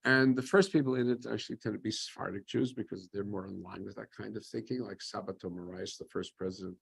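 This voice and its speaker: Man with a gravelly, husky voice. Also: fairly low pitch, steady tone, quick pace. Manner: conversational, asks rhetorical questions and answers them himself. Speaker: lecturer on Jewish history. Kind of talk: informal history lecture.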